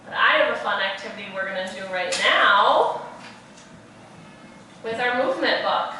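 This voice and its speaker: A woman teaching preschoolers in a virtual class, speaking in a slow, sing-song, encouraging way. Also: mid-range voice, animated, sharp tone, distant mic, slight background noise. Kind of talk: virtual class for young children. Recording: echoey room, voice off-mic.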